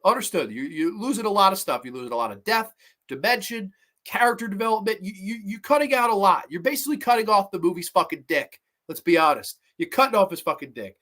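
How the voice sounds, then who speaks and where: A man's voice: sits high, animated, fast talker, bright, forceful tone. A man hosting a horror movie review show, ranting in a profane, heated and sarcastic way. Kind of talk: solo movie review rant.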